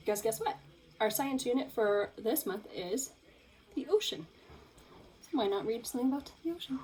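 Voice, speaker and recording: A young woman teacher reading a picture book aloud to children, in an expressive, playful storytelling way. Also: a little high, a little fast, a little hiss or hum, poor audio.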